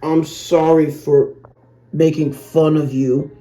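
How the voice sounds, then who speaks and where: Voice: mid-range voice, little pitch movement, slow, warm tone, slight background noise, lightly acted. A narrator voicing a male motor lorry who stammers and pleads nervously. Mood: sheepish. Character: rude male motor lorry, now scared and sorry. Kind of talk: storybook reading.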